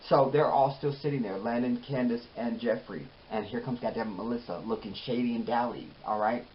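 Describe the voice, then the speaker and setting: A man's voice: mid-range voice, brisk, slight background noise. Rambling man recapping a TV episode. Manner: rambling, animated, acts out the dialogue. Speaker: TV recap host. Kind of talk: casual TV recap. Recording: dull lo-fi audio with faint ambience.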